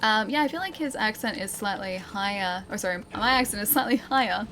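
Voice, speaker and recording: A woman's voice: mid-range voice, brisk, background noise. An Australian woman streaming a game live, chatting playfully, laughing often and answering her chat. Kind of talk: live gameplay commentary, reading chat.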